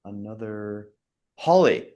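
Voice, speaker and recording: Slow-talking man thinking aloud. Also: lowish voice, expressive. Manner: thinks aloud, mutters softly while recalling, laughs often. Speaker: quiz co-host. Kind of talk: casual quiz chat.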